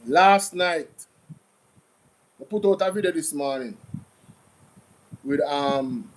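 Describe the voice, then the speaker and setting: Animated Jamaican man hosting commentary. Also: on the high side, takes it slowly, slight background noise, rough recording. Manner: animated, repetitive, mocking. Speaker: commentary channel host. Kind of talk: casual reaction commentary.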